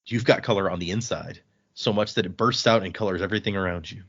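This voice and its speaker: A man's voice: sits low, fast talker, a bit bright, highs cut off. A man hosting a book podcast, retelling scenes in casual chat and acting out the dialogue in shifting voices. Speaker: podcast host recapping a book.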